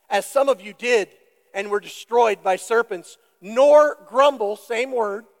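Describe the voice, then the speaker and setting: A male pastor delivers a sermon in a high voice with a gravelly edge, taking it slow. His manner is deliberate and emphatic, and he turns to the congregation with questions. The sound carries the long reverb of a church sanctuary.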